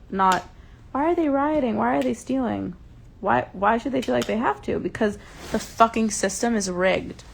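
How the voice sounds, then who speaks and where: A woman's voice: medium pitch, vocal fry, a little hiss or hum. A young woman hosting a casual livestream from home, passionately ranting and swearing, openly upset. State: upset and enraged. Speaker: livestream host. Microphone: phone.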